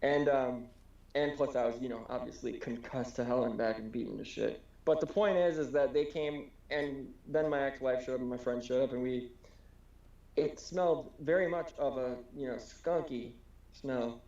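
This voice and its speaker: A man's voice: medium pitch, normal speed. Rambling man telling a story, roomy sound. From Wisconsin, USA. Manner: rambling, animated, swears freely, acts out quotes. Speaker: podcast co-host. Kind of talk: casual conversation, storytelling. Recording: roomy, slightly dull home recording.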